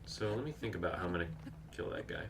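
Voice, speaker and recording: A man's voice: sits low, lively intonation, quick pace, noisy background. A man streaming a video game, chatting casually, reacting aloud to the action and reading out viewer comments. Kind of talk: live gameplay commentary.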